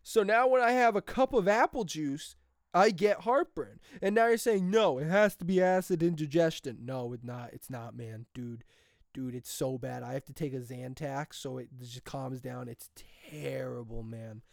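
Young American vlogger, rambling casual monologue, laughs a lot, medium pitch, dry sound. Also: unhurried, creaky, dry recording. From United States. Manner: rambling, laughs often, drifts off topic.

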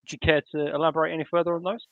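A man playing a tabletop game, playful and quick, often speaking in character as a reporter. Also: a little high, level tone, dry recording, phone-quality sound. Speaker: player.

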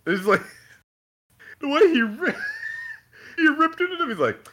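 A man co-hosting a podcast in casual chat, profane and animated, acting out scenes with laughter. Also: very high voice, slow pace, long pauses, breathy edge. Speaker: podcast co-host.

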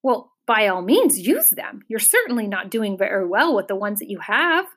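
A woman voicing a filthy, cackling male bird who interrupts and twists every word, in a shrill, shrieking audiobook character voice. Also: very animated, normal speed, fairly bright tone. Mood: quibbling, gleeful. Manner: quibbling, punning, interrupting.

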